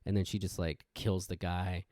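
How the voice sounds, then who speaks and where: A man hosting a podcast, rambling through a casual intro rant and jumping into sudden excitement. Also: sits low, moderate pace, no echo, studio quality. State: wired on energy drink. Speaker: podcast host.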